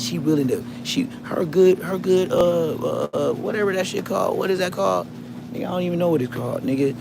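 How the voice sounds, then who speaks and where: A man ranting on a livestream in a loud, combative way, with heavy profane street slang. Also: a little high, fairly quick, gravelly, background noise. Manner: loud, swooping, combative delivery. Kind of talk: heated livestream rant.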